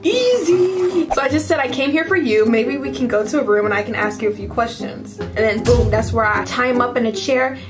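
A woman's voice: a little high, brisk, few pauses. A young woman YouTuber chatting in a bubbly, giggly way while reading an AI chat aloud. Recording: music playing behind.

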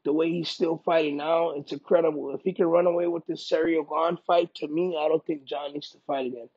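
A man, a professional fighter, speaking in a casual interview, emphatic and animated, often repeating himself for emphasis. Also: a little high, fairly quick, slightly rough, highs cut off. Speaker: MMA fighter.

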